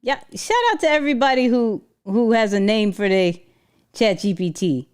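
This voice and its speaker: A woman hosting a casual livestream, talking in an animated, slangy way and laughing often. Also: medium pitch, normal speed, clear, resonant tone. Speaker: livestream host.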